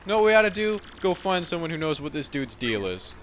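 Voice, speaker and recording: A man's voice: a little high, big pitch swings, fairly quick, a bit bright, a little hiss or hum, voice pushed up. A man voicing a brash, impatient young creature sidekick with slangy, cocky talk.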